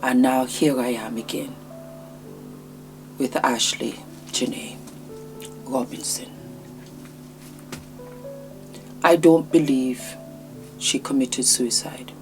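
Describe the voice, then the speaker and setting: A woman vlog host talking in a subdued, hesitant way, sad and short on sleep, with halting pauses. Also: extremely low pitch, faint music behind. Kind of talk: commentary vlog.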